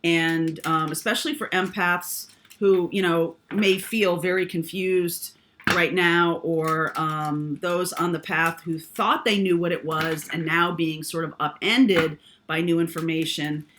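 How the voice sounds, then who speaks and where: A woman's voice: fairly low pitch, steady tone, measured pace, background noise. A woman giving a casual spiritual tarot reading, rambling and often checking in with "okay?". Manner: meandering, frequent "um" and tag "okay?". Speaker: tarot reader.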